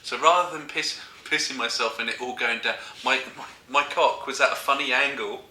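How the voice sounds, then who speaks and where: A man's voice: mid-range voice, brisk, pushed and bright, a little hiss or hum. Giggly man telling a story. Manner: giggly, keeps breaking into laughter. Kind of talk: casual comic storytelling. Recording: echoey room.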